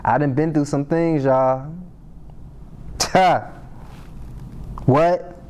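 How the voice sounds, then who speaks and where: Bible class teacher, male, slightly high voice, loose slangy delivery that reads a verse and then comments on it. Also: steady tone, very slow, darkish tone, smooth. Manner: slangy and conversational, reads scripture aloud and riffs on it. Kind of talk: casual Bible study teaching. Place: Sabbath class meeting room.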